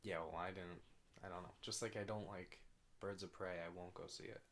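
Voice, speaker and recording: This young podcast co-host speaks in a low, fairly even, slightly bright voice at a brisk pace. He chats casually and bluntly, repeatedly saying "I don't know," over faint background noise.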